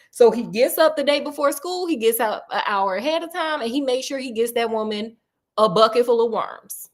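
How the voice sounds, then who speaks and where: A woman with a bright, high voice retells a children's story in a loose, conversational way. She breaks off into sassy asides and laughs as she goes. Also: moderate pace. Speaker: storyteller host.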